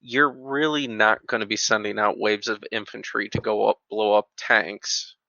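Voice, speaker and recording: A man's voice: on the low side, flat delivery, normal speed, vocal fry, pushed and bright, dry recording. A man on a podcast panel, explaining game rules in casual chat. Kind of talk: casual tabletop wargame chat. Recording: dull lo-fi mic.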